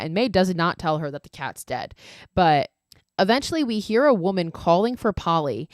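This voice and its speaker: A woman hosting a podcast, casually retelling a horror movie scene by scene in an animated, profane way with frequent laughs. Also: lowish voice, no room sound, studio quality. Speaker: podcast host.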